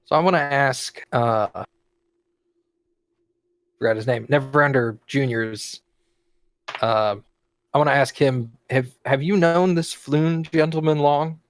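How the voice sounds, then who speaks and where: A man's voice: medium pitch, steady tone, slow, pauses often, dry recording. Tabletop player, male, polite and inquisitive, dry close sound. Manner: polite, asks questions, speaks in character. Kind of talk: tabletop game play.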